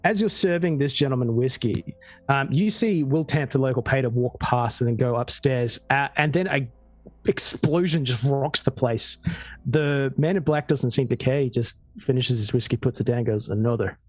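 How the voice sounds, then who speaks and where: A man with an Australian accent, narrating a tabletop game as game master, relaxed and full of fillers. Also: mid-range voice, normal speed. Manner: relaxed storytelling with frequent fillers.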